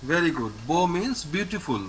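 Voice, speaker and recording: A man's voice: fairly high pitch, very animated, moderate pace, poor audio. A man teaching a French lesson. He repeats words patiently and praises his student often. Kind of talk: online language lesson with a student.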